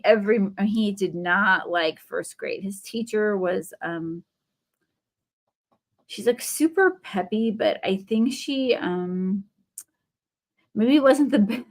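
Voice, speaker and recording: A woman, hosting a live craft stream. She rambles and tells stories, talking to viewers by name as she paints. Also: medium pitch. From Ohio. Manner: rambling, animated storytelling, talks to viewers by name while painting. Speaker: craft livestream host.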